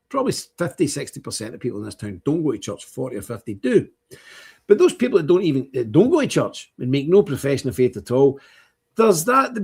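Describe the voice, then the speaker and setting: Husky Scottish man preaching blunt opinions. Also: a little high, darkish tone. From Scotland. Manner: emphatic, repetitive, blunt. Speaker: livestream host. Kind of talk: preachy livestream monologue. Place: indoor chapter house with open fire.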